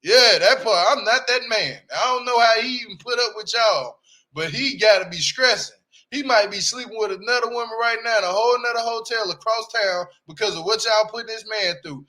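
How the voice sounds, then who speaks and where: A young man speaking AAVE gives blunt, brash commentary on a reality show, heavy with slang and often asking "you hear me?". His voice is high, bright and forceful, and he talks a little fast.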